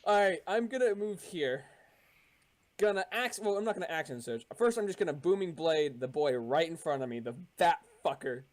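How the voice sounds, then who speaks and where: A man playing a tabletop game who swears freely and thinks out loud about his moves. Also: on the high side, expressive, normal speed. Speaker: player. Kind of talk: casual tabletop game play.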